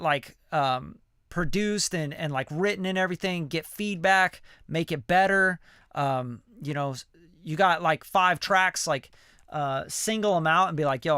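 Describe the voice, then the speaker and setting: A man with a bright, crisp, fairly high voice answers viewer questions in a loose, slangy way. He drops fillers and the odd swear word as he talks. The sound is dry and close, with almost no room around it. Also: dry recording. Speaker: music producer mentoring viewers. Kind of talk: casual livestream Q&A.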